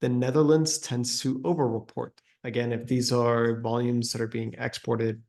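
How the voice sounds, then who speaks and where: A man's voice: medium pitch, little pitch movement, normal speed, a little mellow. A man giving a webinar presentation on trade data, hesitant with many fillers and restarts and an uneven pace.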